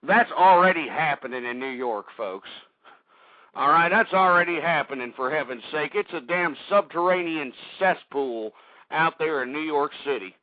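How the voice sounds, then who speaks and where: A man hosting a talk radio show, ranting indignantly and swearing at his opponents, his voice hoarse. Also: sits high, dry recording. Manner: ranting, indignant, swearing, addresses listeners as folks. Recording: tinny phone-line radio sound, dry.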